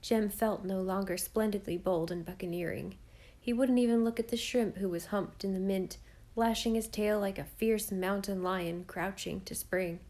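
A woman narrating a children's novel aloud, with a measured and expressive storytelling delivery. Her voice sits at an ordinary middle pitch for a woman. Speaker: audiobook narrator.

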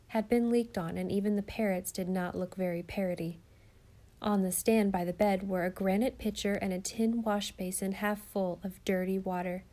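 A woman narrating a storybook in a steady, expressive reading. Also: medium pitch. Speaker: audiobook narrator.

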